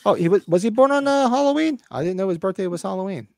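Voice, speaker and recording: A man in his fifties co-hosting a casual livestream podcast, excited, swearing freely and acting out movie lines. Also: high voice, fast talker, vocal fry. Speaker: podcast co-host.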